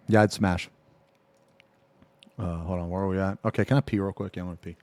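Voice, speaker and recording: A man streaming live, reacting to posts with loud, crude joking banter and bouts of coughing. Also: low-pitched, fairly even intonation, fairly quick, long pauses, no echo.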